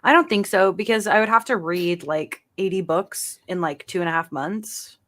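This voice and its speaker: A woman's voice: fairly low pitch, moderate pace, fairly bright tone. A woman co-hosting a gaming podcast, talking casually and hesitantly with many fillers. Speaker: podcast co-host.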